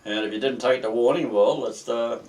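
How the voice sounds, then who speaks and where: A man's voice: medium pitch, a little mellow, far from the mic. Rambling older Australian man. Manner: rambling, halting storyteller with many restarts. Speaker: retired merchant seaman. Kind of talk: oral history interview.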